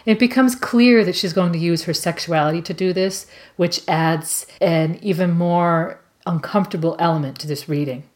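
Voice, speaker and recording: Woman, low voice, measured, explanatory, prepared book analysis. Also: darkish tone. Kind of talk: reading prepared literary analysis.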